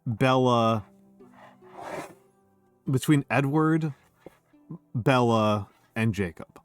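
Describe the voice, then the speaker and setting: A man's voice: mid-range voice, very slow, no echo, soft background music. A man, chatting casually and sardonically on a stream, swearing freely and often laughing. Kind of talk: casual chat.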